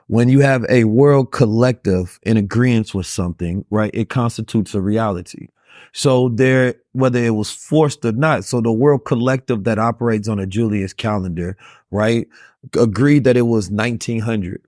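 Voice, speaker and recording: Hosting a casual chat, a man with a darkish voice on the low side muses quickly in long stretches, repeatedly checking in with "right?". The recording is clean studio sound without echo.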